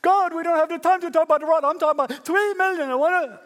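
A preacher putting on shrill, exasperated Moses. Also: male voice, quick pace. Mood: impatient. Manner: high-pitched, loud pleading. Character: exasperated complaining Moses, male prophet. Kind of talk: dramatized sermon illustration. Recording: reverberant church hall.

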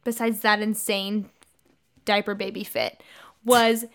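A woman's voice: mid-range voice, level tone, slow, creaky. A woman in her twenties co-hosting a casual book-discussion podcast, ranting in mock fury and laughing often. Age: 20s. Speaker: podcast co-host.

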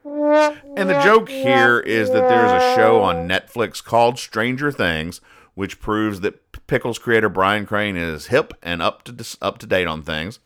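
Deadpan male podcast host, low and bright, smooth delivery, walks through comic strips. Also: measured pace. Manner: deadpan, explains each joke. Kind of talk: casual comic-strip recap.

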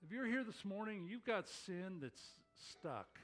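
A male pastor preaching a sermon, animated, acting out the voices of his listeners. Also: sits high, a little slow, soft background music.

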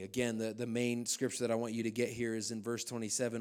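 A man's voice: medium pitch, completely flat delivery, quick pace, few pauses, darkish tone. A man from the United States, a pastor, preaching a sermon at a church service, telling stories with humor and loose fillers.

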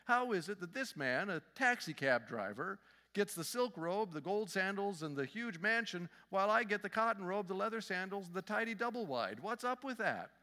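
A man's voice: sits high, sing-song, moderate pace, pushed and bright, long reverb tail, voice pushed up, exaggerated voice. A man playing an outraged, pompous minister. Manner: outraged, complaining. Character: indignant male minister, pompous and aggrieved.

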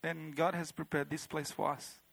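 A man's voice: a little high, flat delivery, moderate pace, creaky, fairly bright tone, no echo. A man telling a personal testimony to a church congregation, rambling and heartfelt, with many fillers like "you know" and "like". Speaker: church member giving a testimony.

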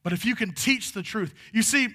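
A man's voice: sits high, normal speed, pushed and bright, big-room sound. A male pastor preaching a sermon in a church sanctuary. He talks in a folksy, conversational way that builds to fervent moments.

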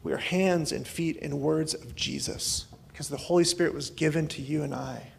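A man preaching a conversational sermon as a pastor, swinging between loud outbursts and hushed asides. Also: a little high, steady tone, normal speed, vocal fry, husky.

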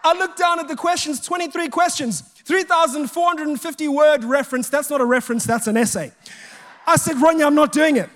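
Guy preaching w a really high voice, jokey storytelling, acts out the convos. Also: brisk. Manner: animated storytelling, acting out quoted dialogue; jokey and self-mocking. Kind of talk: sermon.

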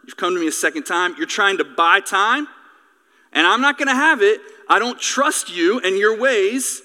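A man's voice: high voice, animated, normal speed, pushed and bright, long reverb tail, exaggerated voice. A man acting out a furious, demanding ancient king who makes stern, emphatic threats. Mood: angry.

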